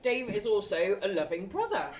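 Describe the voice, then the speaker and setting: A woman's voice: mid-range voice, normal speed, very noisy. A woman in her forties giving a wedding speech in a hall, emotional and a bit tipsy, laughing and apologising as she goes. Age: 40s. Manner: emotional, laughing through tears, apologetic asides. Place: large hall at a wedding reception. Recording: distant mic with a lively crowd.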